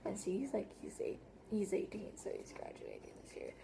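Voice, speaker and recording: A woman's voice: mid-range voice, huge pitch swings, normal speed, gravelly, dark tone, a little hiss or hum. A teenage girl chatting through a casual storytime vlog, rambling with lots of "like" and restarts. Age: teens. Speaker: vlogger.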